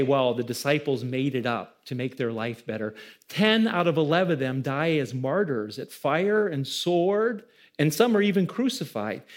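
A man preaching a sermon as pastor, asking the congregation questions and building emphasis. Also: high-pitched.

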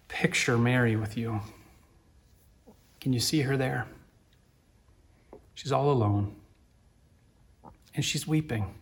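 Gentle, earnest male pastor preaching. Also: medium pitch, slight background noise. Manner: gentle, reflective, builds to earnest emphasis. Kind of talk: sermon.

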